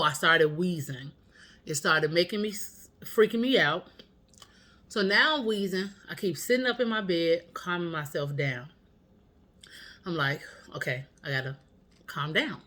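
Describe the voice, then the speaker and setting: A woman's voice: on the low side, animated, unhurried, long pauses, sharp tone. A woman vlogger telling a story at home, candid and profane in a casual, chatty way.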